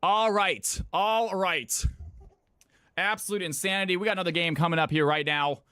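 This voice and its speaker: Excitable high-voiced male streamer. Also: normal speed, clean tone, no room sound, studio quality. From California. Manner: excitable, shouts and cheers at chat. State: out of breath. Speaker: streamer hosting viewer games. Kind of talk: live-stream hype commentary.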